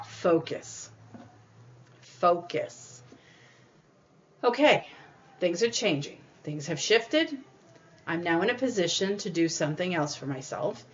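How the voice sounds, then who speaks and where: A woman's voice: lowish voice, highs cut off. A woman hosting a podcast, giving encouraging spiritual self-help advice in a conversational way and acting out little quoted voices. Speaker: podcast host.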